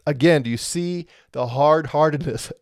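A man's voice: a little high, moderate pace, no room sound, studio quality. Man teaching scripture with rhetorical questions. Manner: explains step by step, asks rhetorical questions. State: has a lingering cough. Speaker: Bible teacher. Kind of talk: verse-by-verse Bible teaching.

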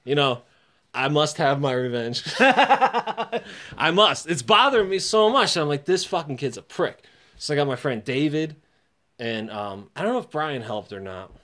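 Lively man telling a story, laughing. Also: medium pitch, moderate pace. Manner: animated, laughing, acts out voices in quotes. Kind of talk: casual chat.

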